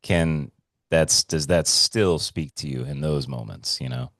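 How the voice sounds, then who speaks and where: Deep-voiced man telling a story. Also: measured pace, no room sound, clean studio sound. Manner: animated storyteller, swearing freely. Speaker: podcast co-host. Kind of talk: casual podcast chat.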